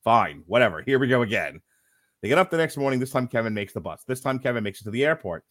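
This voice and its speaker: A podcast co-host recaps a film with casual sarcasm and plenty of profanity, making it a comedic movie review. He speaks at a medium pitch, a bit bright, in a clean studio recording with no room sound.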